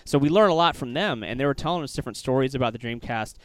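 A man's voice: medium pitch, animated, racing, dry recording. A man hosting a podcast, an enthusiastic fan chatting casually and rambling with many fillers. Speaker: podcast host. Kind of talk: casual interview chat.

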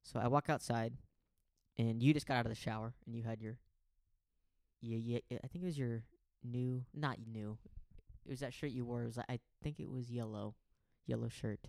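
A man's voice: mid-range voice, fairly even intonation, normal speed, vocal fry, a little mellow, no room sound. A man co-hosting a podcast in casual chat, telling a rambling story and acting out the voices of the people in it. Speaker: podcast co-host.

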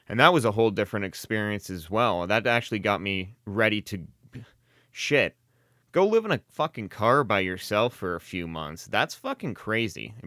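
A man talking alone on his podcast in a loose, rambling monologue full of swearing and sardonic, self-deprecating asides. His voice sits a little low and sounds smooth and clean, recorded close and dry with no room sound around it. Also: fairly bright tone, dry recording. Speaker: podcast host. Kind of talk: casual solo monologue.

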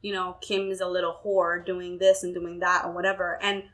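A woman's voice: fairly low pitch, level tone, brisk, a bit bright, low-quality recording. A young woman in casual, candid chat who swears freely and acts out quoted conversations.

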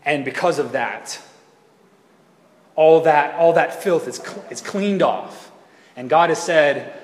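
A male pastor delivers a sermon in a loose, chatty manner, trailing off and correcting himself as he goes. His voice sits a little high for a man. It rings through a roomy church hall with a long echo. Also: slow pace, long pauses. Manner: conversational, rambling, self-correcting. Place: church sanctuary. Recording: echoey hall reverb.

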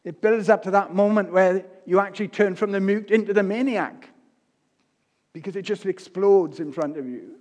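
An older man giving a sermon, telling stories with humor and swinging between loud and soft delivery. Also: high voice, moderate pace. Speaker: preacher. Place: church. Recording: long reverb of a church hall.

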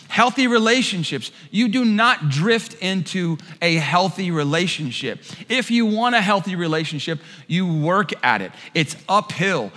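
Animated high-voiced preacher, bright hall echo. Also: male voice. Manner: animated storyteller, acts out quotes with shouts. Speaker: pastor. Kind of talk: sermon with a humorous personal story. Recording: long hall reverb.

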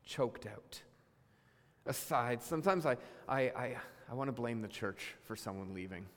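A man preaching a sermon as pastor, animated and acting out the voices of God and his listeners. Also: medium pitch, unhurried. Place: church sanctuary. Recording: long reverb of a hall.

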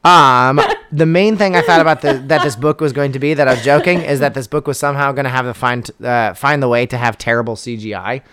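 Young guy rambling on a podcast, wry, smooth clear voice, lots of ums. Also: medium pitch, fairly even intonation, quick pace, hardly any pauses, a bit bright. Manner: rambling, wry, many fillers and restarts. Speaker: podcast co-host. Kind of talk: casual chat.

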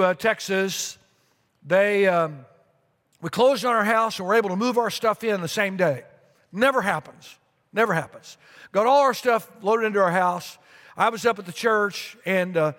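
A middle-aged man preaching a sermon as pastor, telling a long story with repeated phrases and lively asides. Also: sits high. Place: church sanctuary. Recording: long reverb of a large sanctuary.

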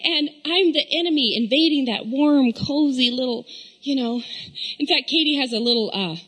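A middle-aged woman who tells a humorous personal story to a room of mothers. Her voice sits high and bright, and her delivery is animated and chatty, with frequent "you know"s. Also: normal speed, slightly rough, big-room sound, low-quality recording. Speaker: speaker addressing mothers.

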